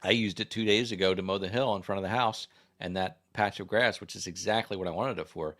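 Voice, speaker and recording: A man's voice: on the low side, fairly even intonation, fast, fairly bright tone. An American man hosting a casual livestream, chatting in a rambling way as he reads viewer comments and puts questions to the audience. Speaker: livestream host. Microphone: desk microphone.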